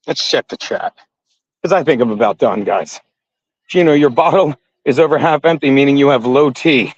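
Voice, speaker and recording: A man's voice: mid-range voice, dry recording. A middle-aged man chatting casually on a livestream to his viewers, rambling and swearing often and laughing at his own jokes. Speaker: comedian livestream host. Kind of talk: casual chat to a live chat while jump roping. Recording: dry, dull lo-fi sound.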